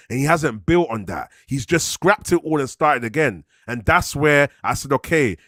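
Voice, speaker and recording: A man hosts a football chat, reading out viewer questions and answering in a relaxed way. His voice sits at a middle pitch, recorded dry and close with no room sound. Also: no room sound. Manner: relaxed, reads viewer questions aloud, laughs along. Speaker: host. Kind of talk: casual football podcast chat.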